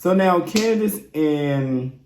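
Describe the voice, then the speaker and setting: A man's voice: on the high side, animated, takes it slowly, darkish tone, a little hiss or hum. A man giving a blunt, sassy, profanity-laced recap of a reality show, talking straight to his viewers. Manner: sassy, blunt and exasperated, swears freely, talks straight to viewers. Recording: roomy echoey room.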